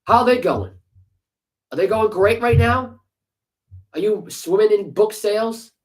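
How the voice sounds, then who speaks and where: A high-pitched man speaks unhurriedly while co-hosting a sports podcast, heatedly ranting with curse words and sarcastic rhetorical questions. The casual rant comes through on a rough recording.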